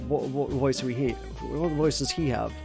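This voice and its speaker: A man's voice: mid-range voice, moderate pace, gravelly, dark tone, soft background music. A man hosting a let's play, chatting in a rambling, self-deprecating way while reading game dialogue. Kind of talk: casual game commentary.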